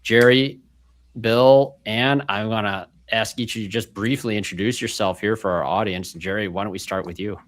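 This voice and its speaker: Upbeat male podcast host, lowish voice. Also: steady tone, normal speed. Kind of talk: casual podcast interview.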